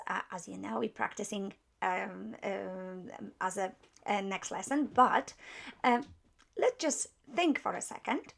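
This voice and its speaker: A woman teaching a beginner language lesson, explaining step by step with many pauses and patient repetition. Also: medium pitch, creaky, a bit bright. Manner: apologetic when correcting herself.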